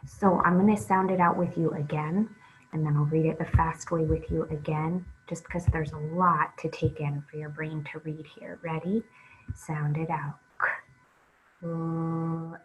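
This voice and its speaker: Lady teacher going really slow thru letter sounds for little kids, kinda low voice, muffled lo-fi audio. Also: little pitch movement, slight background noise. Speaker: reading teacher. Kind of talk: phonics lesson for young children.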